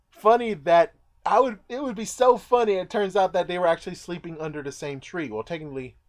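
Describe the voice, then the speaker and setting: A man casually recapping a movie in a rambling way, now and then acting out the characters' lines. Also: mid-range voice. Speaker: movie reviewer.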